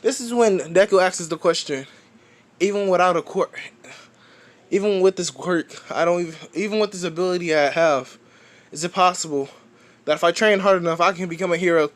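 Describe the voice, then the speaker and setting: A man's voice: high voice, brisk. A man casually retelling a fan story, rambling, restarting often and swearing offhand.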